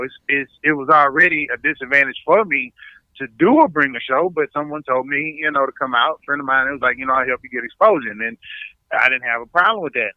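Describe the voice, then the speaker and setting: A man, a comedian guest chatting on a podcast and telling stories in an animated way, stumbling over repeated words. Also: mid-range voice, no echo, narrow, tinny audio. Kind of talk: casual podcast chat.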